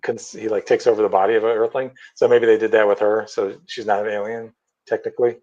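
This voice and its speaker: A man's voice: on the low side, little pitch movement, fast, a little mellow, muffled recording. A man co-hosting a podcast, talking in an easygoing, hesitant way as he chats. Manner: easygoing, hesitant, restarts sentences. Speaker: podcast co-host. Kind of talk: casual podcast banter.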